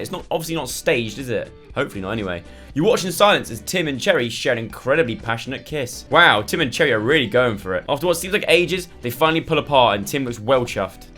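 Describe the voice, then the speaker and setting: A young man reading out a story game with chatty, playful asides, his voice strained from earlier shouting. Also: mid-range voice. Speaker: gaming YouTuber.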